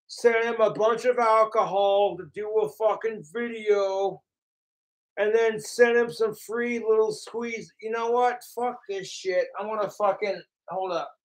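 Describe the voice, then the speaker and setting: A man's voice: sits high, rough recording. A man livestreaming, ranting profanely and mockingly about his trolls and talking about himself in the third person. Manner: mimics his trolls in sneering voices.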